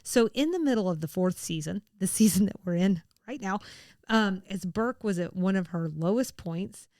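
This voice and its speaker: A woman co-hosts a podcast in casual conversation, her medium-pitched, darkish voice lively and at normal speed. She's chatty, using many fillers and laughing often, and the studio-quality recording has no room sound.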